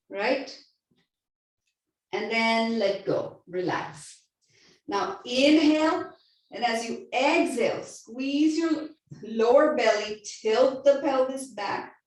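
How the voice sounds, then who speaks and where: A yoga teacher, a woman with a fairly high voice, leads her class in slow, patient cues, often checking in with a soft "right?". Her voice carries through a roomy studio from some distance away from the mic. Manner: gentle step-by-step cueing with frequent "right?".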